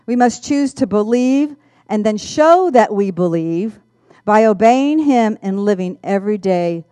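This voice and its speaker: Woman storyteller, very expressive pitch, dry close mic. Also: measured pace, no echo. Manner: animated, acts out voices. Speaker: speaker giving a testimony. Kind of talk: storytelling testimony.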